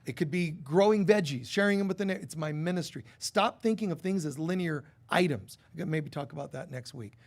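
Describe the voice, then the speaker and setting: Animated man preaching a sermon. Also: fairly high pitch, a little fast, few pauses. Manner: animated, acts out quoted voices. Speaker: spiritual teacher. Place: church hall.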